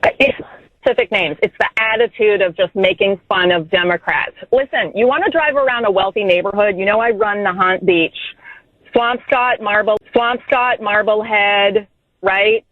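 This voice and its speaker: A woman phones in to a radio show, earnest and troubled, her words coming in halting bursts. Her voice arrives thin and tinny over the phone line, dry with no room around it. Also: mid-range voice, dry recording. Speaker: caller. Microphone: telephone.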